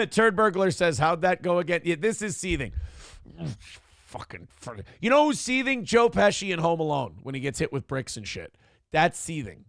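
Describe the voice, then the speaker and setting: A man with a high, gravelly voice hosts a live morning show, tearing into the news in a blunt, profane rant. The sound is dry and close, with no room around him. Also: very animated, normal speed, fairly bright tone, no echo. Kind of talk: live show commentary reacting to news and chat.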